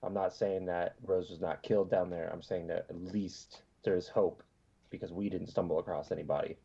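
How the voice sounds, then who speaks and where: A man speaking in character at a tabletop game, wry and joking. His voice is husky and somewhat low. The sound comes through a dull, lo-fi mic. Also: fairly even intonation, normal speed, dark tone. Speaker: player. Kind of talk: tabletop role-play, casual.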